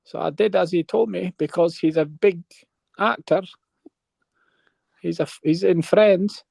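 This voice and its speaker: A man's voice: sits high, measured pace, vocal fry, darkish tone, no echo. A man telling a long rambling story on a live panel, checking in with his listeners. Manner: rambling, keeps checking in with "right?".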